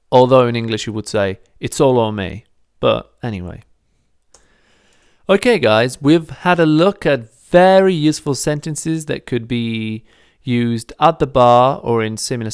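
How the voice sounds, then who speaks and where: A man teaching a video lesson, patiently explaining grammar step by step and repeating phrases slowly. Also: medium pitch, creaky, clear, resonant tone, dry recording, clean studio sound. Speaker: Italian language teacher.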